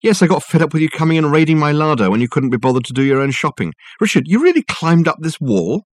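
A man doing a brisk, sharp-tongued woman. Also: fairly high pitch, sing-song, no echo, clean studio sound, pitched above the performer's own voice. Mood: exasperated. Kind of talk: audiobook character voice.

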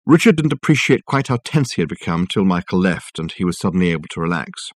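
A man narrating a novel as an audiobook reader, measured and wry. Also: low-pitched, very animated, no room sound. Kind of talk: scripted narration.

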